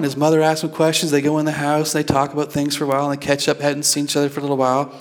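A male pastor with a slightly high voice preaching a sermon in church. He talks conversationally, stumbles over repeated words and keeps asking the congregation to respond. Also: monotone, rapid-fire.

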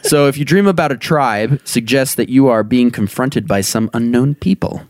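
A man's voice: medium pitch, normal speed, darkish tone, dry recording. A man hosting a podcast, reading dream meanings aloud in a casual, jokey way and laughing often. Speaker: podcast host.

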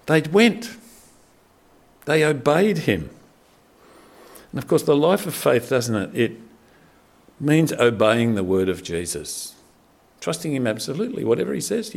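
A middle-aged man preaching a sermon in a conversational, animated way, with frequent fillers and restarts. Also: on the high side, a little slow, gravelly, pauses often. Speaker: pastor.

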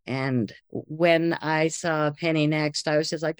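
Femme qui raconte une anecdote avec animation. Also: female voice, on the low side, a little slow, dry recording. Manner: lively, breathless retelling with acted-out quotes.

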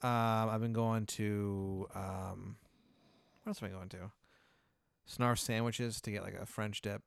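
A man in a casual comedic chat, laid-back and amused, often halting with fillers. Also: lowish voice, steady tone, gravelly, no echo, clean studio sound.

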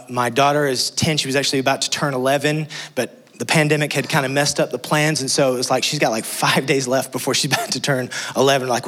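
This middle-aged pastor, speaking in a mid-range voice, delivers a sermon built around a personal story. He tells it with animation, acting out the people involved.

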